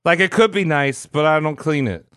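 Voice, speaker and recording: A man on a comedy podcast tossing in quick, excitable quips during casual banter. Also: fairly high pitch, clean tone, dry recording, clean studio sound. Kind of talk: joking banter.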